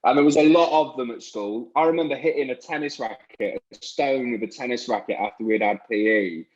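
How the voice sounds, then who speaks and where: A man's voice: medium pitch, a little fast, muffled recording. A man in his thirties with an English accent, a podcast guest reflecting loosely on school days, full of fillers. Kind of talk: casual chat.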